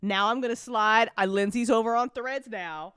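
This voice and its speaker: Woman host, casual and animated, crisp clear voice, dry close mic. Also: fairly high pitch, normal speed, dry recording. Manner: giggly, animated, frequent laughter. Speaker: host and show creator. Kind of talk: casual chat after a live listen party.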